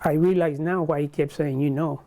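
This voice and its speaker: Older man, mellow halting storyteller. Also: fairly high pitch, fairly even intonation. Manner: halting, with many restarts and quoted dialogue. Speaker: interviewee. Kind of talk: recounting a personal story in an interview.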